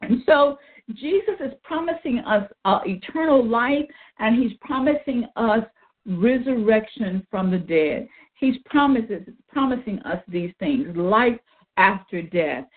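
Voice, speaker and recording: A woman's voice: a little high, expressive, unhurried. A woman leading a Bible study, reading old-style scripture and then explaining it earnestly. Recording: tinny phone line.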